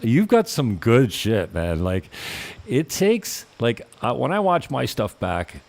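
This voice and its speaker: A man's voice: mid-range voice, huge pitch swings, takes it slowly, vocal fry, a little mellow. A man hosting a casual podcast chat, loose and joking, with some cheerful swearing. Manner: loose, joking, profane banter. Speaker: podcast host.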